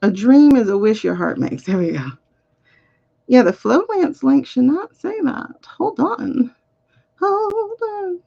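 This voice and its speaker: Woman, livestream card reader, chatty, distracted, gravelly, unhurried. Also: a little high, very animated, warm tone, dull audio. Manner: chatty, distracted, laughs and mutters while fiddling with links. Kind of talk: casual livestream chat.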